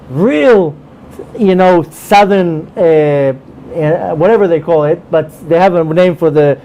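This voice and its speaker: High-voiced, animated storytelling rabbi. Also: male voice, rough recording. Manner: animated, repeats phrases for emphasis. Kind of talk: storytelling in a religious class.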